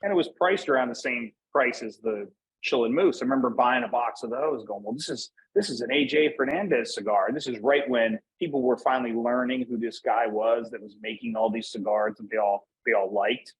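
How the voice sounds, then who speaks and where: A man's voice: mid-range voice, brisk, breathy edge, poor audio. A man from Northeast Pennsylvania, a guest on an interview, chatting in an easygoing, rambling way. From Northeast Pennsylvania, USA. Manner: easygoing, rambling, lots of "like" and restarts. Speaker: guest, cigar brand manager. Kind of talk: casual interview chat.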